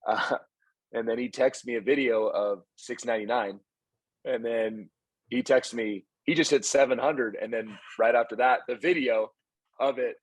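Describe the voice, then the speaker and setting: A man's voice: medium pitch, moderate pace, husky, dry recording. A man who coaches baseball and hosts a podcast, telling stories in casual chat and acting out what people said. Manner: animated storyteller, acts out quoted lines.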